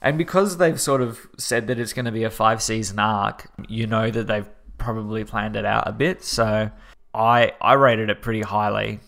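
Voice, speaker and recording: Aussie guy on a podcast, a bit low-voiced, laid-back chatting. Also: normal speed, gravelly. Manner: relaxed, chatty storytelling. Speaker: podcast co-host. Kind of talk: casual chat.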